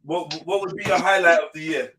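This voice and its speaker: A man's voice: on the high side, fairly even intonation, brisk, noisy background. A man hosting a live online panel show, hyping the audience and teasing his guests in casual banter. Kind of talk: casual live-stream chat.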